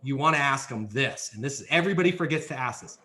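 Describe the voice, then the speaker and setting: A man's voice: mid-range voice, lively intonation, quick pace, sharp tone. A man as a podcast guest, coaching on leasing sales in an emphatic, hands-on way. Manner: emphatic, coaching, acts out role-play examples. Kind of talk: podcast interview, teaching sales steps.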